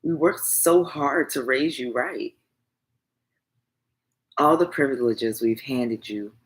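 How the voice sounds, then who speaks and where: A woman's voice: rumbling low, rough recording. A woman voicing a strict, proper, middle-aged father lecturing his daughter in an audiobook.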